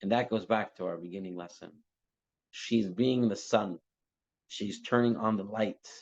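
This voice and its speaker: A man teaching a religious class, telling a parable with lively, acted-out dialogue before drawing the lesson. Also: on the low side, a little slow. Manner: animated storytelling, acting out characters' lines. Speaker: teacher giving a Torah class. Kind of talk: storytelling sermon. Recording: dull lo-fi class recording.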